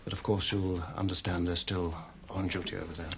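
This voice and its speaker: An actor playing a male army officer offering formal, measured condolences. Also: low voice, level tone, creaky, lo-fi sound, background noise. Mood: solemn.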